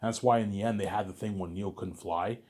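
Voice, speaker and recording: A man's voice: on the low side, fairly even intonation, fairly quick, a little mellow. A man vlogger ranting in a casual monologue, repeating himself and swearing freely. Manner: repetitive, profane ranting.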